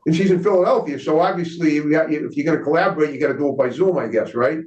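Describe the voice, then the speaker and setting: A man's voice: on the high side, fast, darkish tone. A man hosting an interview, asking rambling questions and repeating words. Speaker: interview host. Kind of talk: casual interview chat. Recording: roomy, distant, dull audio.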